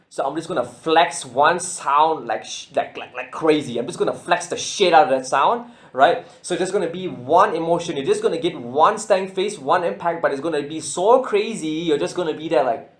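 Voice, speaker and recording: A man casually explaining how he built his beatbox routine, excited, often stuttering and repeating words. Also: fairly high pitch, a little fast. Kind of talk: casual spoken breakdown.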